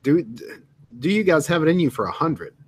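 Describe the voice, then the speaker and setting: A man's voice: a little high, very animated, fairly quick, slightly rough, no echo. A man co-hosting a casual livestream, crude and mocking, often talking over his co-host.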